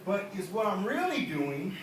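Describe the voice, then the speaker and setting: A middle-aged man preaching in church with emotional force, swinging from hushed asides to shouting. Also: high-pitched, very animated, normal speed. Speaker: pastor. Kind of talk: energetic sermon. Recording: echoey hall from far off, noisy.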